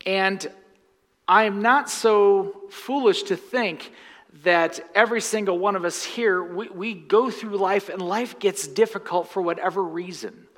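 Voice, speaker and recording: A male pastor with a high-pitched, fairly bright, unhurried voice preaches in a church sanctuary, reading scripture, praying, and joking with the congregation through conversational asides. Long church reverb fills the recording.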